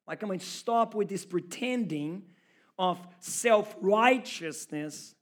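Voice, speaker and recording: A male pastor preaching a sermon in an emphatic, rhetorical way, speaking straight to his listeners. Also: sits high. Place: church service.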